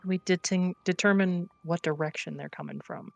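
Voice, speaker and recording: A woman's voice: lowish voice, steady tone, moderate pace, creaky, no echo, soft background music. A woman player, dry close sound. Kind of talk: casual tabletop play.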